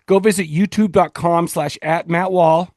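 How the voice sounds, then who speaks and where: A man with a somewhat high, darkish voice co-hosts a casual podcast, joking and rambling with frequent restarts. His tone stays steady at a normal pace, captured in a dry, clean studio recording.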